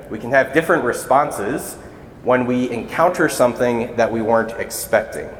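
A man's voice: medium pitch, a little hiss or hum. A man serving as a deacon, giving a conversational, earnest sermon in a church. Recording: echoey church hall.

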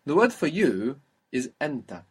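A man's voice: on the high side, very animated, brisk, slightly rough. A man teaching a spoken language lesson, patiently prompting and praising his student.

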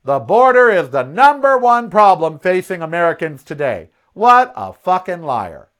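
Animated gay man telling a story. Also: high-pitched, normal speed. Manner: animated storytelling, acts out quoted exchanges; indignant, ranting about politics. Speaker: podcast host. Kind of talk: casual opinion monologue.

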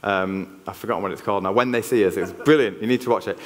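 Yorkshire man, preacher, somewhat low voice, earnest conversational sermon, reverberant hall. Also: fast, a little hiss or hum. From Yorkshire, England. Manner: earnest, conversational, frequent restarts. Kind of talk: church sermon. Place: church hall. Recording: long reverb of a church hall.

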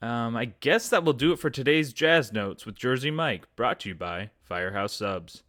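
A man's voice: medium pitch, animated, moderate pace, few pauses, a bit bright, dry recording, clean studio sound. A man hosting a scripted comedy podcast with an upbeat, polished delivery. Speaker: podcast host.

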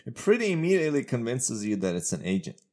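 A man's voice: mid-range voice, very animated, quick pace, a little mellow. A man co-hosting a podcast, talking through philosophical questions in casual chat, laughing often. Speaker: podcast co-host.

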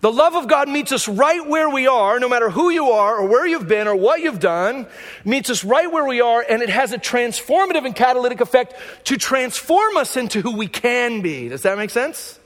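A pastor with a strikingly high voice preaches to his congregation, casual and conversational, hammering home key phrases by repeating them. His voice rings out with a long reverb tail from the church sanctuary. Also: animated, moderate pace, a bit bright. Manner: conversational preaching with emphatic repetition. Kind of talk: sermon.

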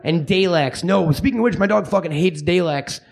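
A man's voice: sits high, normal speed, vocal fry. A young man hosting a podcast, riffing crude jokes in casual comedic chat. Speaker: podcast host.

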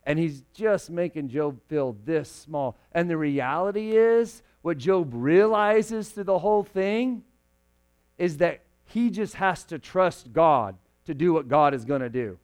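Animated young male preacher, raised voice. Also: on the high side, measured pace, clean tone, soft background music. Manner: animated, swings from loud emphasis to hushed. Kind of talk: sermon.

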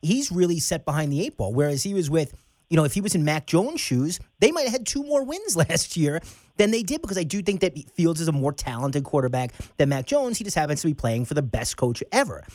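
Animated upbeat sports radio man. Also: fairly high pitch, fairly quick, no echo.

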